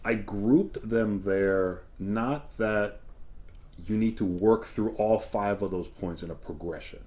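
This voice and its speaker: A man gives a one-on-one acting lesson in a mellow, somewhat low voice. He explains each idea patiently and keeps checking in with his student. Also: takes it slowly. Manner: patient and explanatory, often asks "right?". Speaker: acting teacher. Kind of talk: one-on-one coaching talk.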